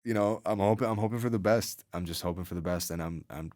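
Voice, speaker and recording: An eighteen-year-old man with a deep, low voice and a North American accent, though Arabic is his first language. He talks in a casual, rambling way, full of fillers and restarts. The sound is dry and close. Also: quick pace, darkish tone, dry recording. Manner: rambling, many fillers and restarts, laughs often. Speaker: podcast host. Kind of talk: casual interview chat.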